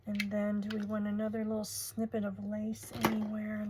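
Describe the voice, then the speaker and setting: A woman's voice: medium pitch, moderate pace, hardly any pauses, heavy background noise. A woman in her sixties hosting a crafting video, chatting casually and gushing over pretty papers and lace. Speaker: crafting channel host. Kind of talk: casual crafting tutorial chat.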